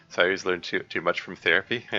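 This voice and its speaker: A man's voice: low-pitched, steady tone, moderate pace, pushed and bright, muffled recording, faint music behind. A man commenting on his live stream, hesitant and rambling with many fillers and restarts and chuckling often. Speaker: streamer reading a game mod.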